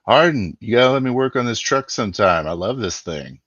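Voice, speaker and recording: A man voicing a scrappy young mechanic who talks in a loud, eager, excitable way. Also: lowish voice, unhurried, husky, no echo, lo-fi sound, pitched above the performer's own voice, heavily acted.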